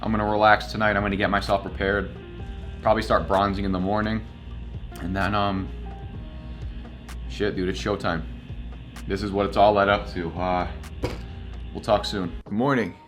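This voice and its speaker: A man's voice: lowish voice, level tone, normal speed, pauses often, a bit bright, soft background music. A young man vlogging, casually telling a story and acting out both sides of the conversations.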